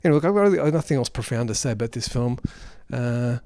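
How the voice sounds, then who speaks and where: A man's voice: mid-range voice, animated, fast talker, dark tone, dry recording, studio quality. Man rambling through an off-the-cuff review. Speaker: film reviewer. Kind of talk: unrehearsed spoken film review.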